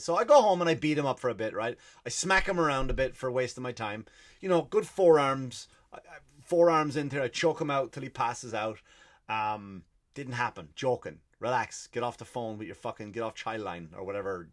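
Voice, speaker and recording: Middle-aged man, comic ranter, swears freely, a bit higher-pitched than most men. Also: expressive, fairly quick, fairly bright tone. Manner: profane, exasperated storytelling. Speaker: comedy podcast host. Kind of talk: ranting comic monologue.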